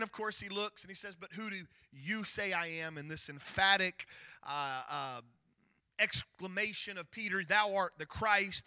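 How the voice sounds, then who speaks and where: A male pastor preaching a sermon, emphatic and rising to near-shouts as he retells scripture. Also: high voice, no room sound.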